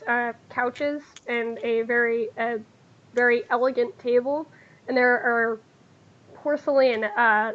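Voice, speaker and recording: Halting woman game master, high voice, dull lo-fi recording. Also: a bit bright. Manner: hesitant, with many fillers and laughs. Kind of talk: narrating a tabletop game.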